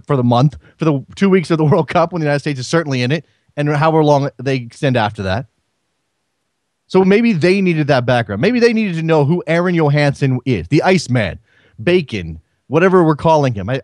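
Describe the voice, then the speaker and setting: A man's voice: fairly high pitch, darkish tone, no room sound. A man hosting a casual sports call-in radio show, talking off the cuff and often repeating words as he thinks aloud.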